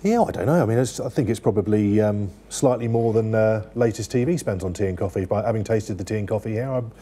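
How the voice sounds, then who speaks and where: A man's voice: fairly low pitch, fast, warm tone, breathy edge. A man reviewing newspaper stories in casual chat, rambling with many fillers and restarts.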